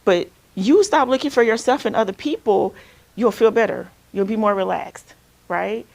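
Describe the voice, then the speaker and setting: This Alabama counselor has a fairly high, gravelly, slightly mellow voice and speaks at a moderate pace. Leading a group workshop with sharing in a casual manner, she's conversational and keeps asking "right?"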